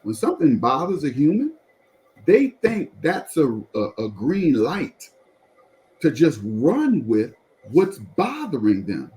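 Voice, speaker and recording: A pastor telling a personal testimony in conversation, animated and repeatedly drawing the listener in to follow along. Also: male voice, on the high side, takes it slowly, low-quality recording.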